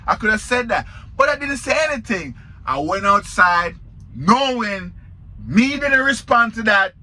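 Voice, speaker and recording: A man's voice: high-pitched, expressive, a little slow, sharp tone. A man with a Jamaican accent, a truck driver telling a story in a casual vlog, talking straight to viewers.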